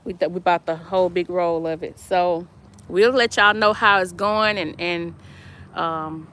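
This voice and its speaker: A woman's voice: fairly low pitch, sharp tone, smooth. A middle-aged woman, chatting casually on a live stream from her yard and reading viewer comments aloud between laughs. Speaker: vlog host. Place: outdoors in a yard.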